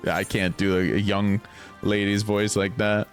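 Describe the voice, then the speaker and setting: A man's voice: low-pitched, level tone, moderate pace, smooth, faint music behind. A young man giving casual game commentary with wry, self-deprecating asides. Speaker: streamer.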